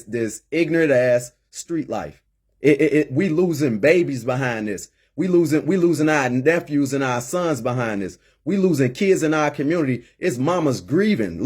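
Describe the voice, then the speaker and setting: A man's voice: mid-range voice, darkish tone, breathy edge. A man in his late thirties, a former inmate turned community mentor, giving an impassioned personal monologue with emphatic, preachy repetition. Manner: emphatic and preachy, repeating words as he builds.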